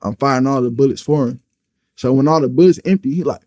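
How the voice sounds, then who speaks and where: A man with a New York accent, a guest in an interview, tells a story in a relaxed, casual way. His voice is dark and mellow, and he jumps into each person's words as he retells it. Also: medium pitch, fast talker. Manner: vivid retelling, acting out dialogue.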